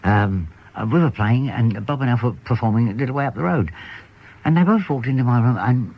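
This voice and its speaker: Older man, radio host, husky voice, lively swooping pitch, anecdote teller, dull lo-fi broadcast sound. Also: brisk. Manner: storyteller who acts out the voices in his jokes. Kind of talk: reminiscing chat with anecdotes.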